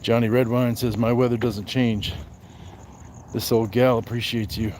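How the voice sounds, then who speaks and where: A man hosting a casual livestream on a night walk, greeting viewers by name and answering their comments in a relaxed way. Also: mid-range voice, normal speed, a little hiss or hum. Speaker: livestream host.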